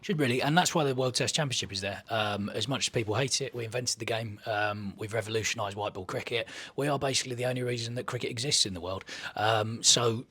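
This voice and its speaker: Husky-voiced man bantering about cricket. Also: medium pitch, quick pace, hardly any pauses, sharp tone. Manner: playful, mock-patriotic banter, slips into voices. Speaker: cricket podcast co-host. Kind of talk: comic cricket chat.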